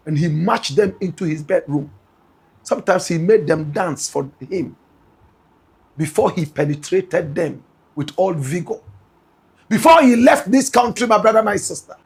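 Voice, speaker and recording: A Ghanaian-accented man delivers emphatic gossip news commentary in a fairly high voice. His voice is very husky and gravelly. He keeps calling out to his audience directly. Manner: emphatic, repeatedly addresses listeners as "my brother, my sister".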